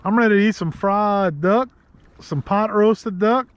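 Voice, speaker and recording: A man with a Louisiana accent talks casually from a kayak out on the marsh. His voice sits a little high, and he rambles through friendly asides and laughs easily. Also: measured pace, smooth. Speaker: host. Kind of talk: casual outdoor vlog talk.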